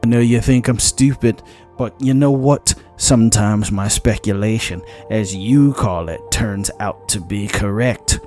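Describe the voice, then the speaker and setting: A hotheaded fae warrior woman, as a man puts her on for a storybook reading. She snaps back loudly and defensively, raised above the narrator's low voice, with soft music underneath. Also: expressive, a little slow, few pauses. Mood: indignant. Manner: snapping, defensive, loud.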